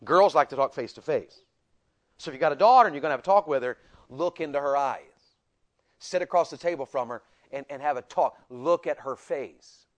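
A middle-aged man preaching a sermon to men, swinging between loud and soft and acting out voices. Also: a little high, fairly quick.

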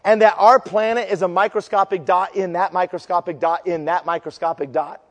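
A male preacher giving an impassioned sermon, moving between fervent declarations and quieter storytelling. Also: high-pitched, fairly even intonation, a little fast, in a large hall.

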